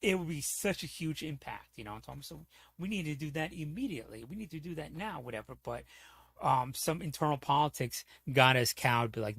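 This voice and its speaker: A man holds forth on his livestream, his voice gravelly at the edges and the sound dry and close. He rants in a heated, profane, rambling way. He keeps checking in with the listener as he goes. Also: on the high side, lively intonation, quick pace, a bit bright, no echo. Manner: heated, profane, rambling, repeats "you know what I'm saying". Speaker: streamer. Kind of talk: casual livestream rant.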